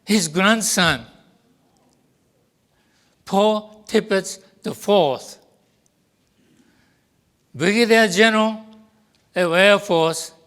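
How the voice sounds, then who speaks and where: Slow, clear older man. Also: high-pitched, bright, forceful tone. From Japan. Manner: deliberate, acts out quoted dialogue. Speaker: guest speaker. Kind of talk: personal storytelling to an audience.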